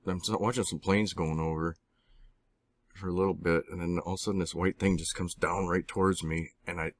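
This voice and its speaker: A man with a very deep, low voice tells his story in a loose, rambling way, stopping and restarting often and swearing now and then. The recording is close and dry, with no room sound. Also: steady tone, no room sound. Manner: rambling, halting, frequent restarts and mild swearing. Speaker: interviewee recounting personal experiences. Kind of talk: casual spoken storytelling.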